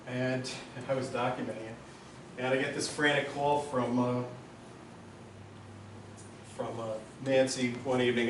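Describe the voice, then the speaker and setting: Man at a memorial, emotional storyteller, middle pitch, roomy and distant. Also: slight background noise. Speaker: memorial speaker. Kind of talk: personal memorial speech. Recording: roomy hall, far from mic.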